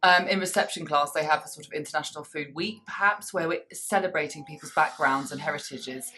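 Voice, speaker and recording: A woman in her thirties co-hosting a podcast, chatting casually with wry, deadpan asides. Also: low-pitched, brisk, a little hiss or hum. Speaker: podcast co-host. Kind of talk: casual chat. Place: small public toilet.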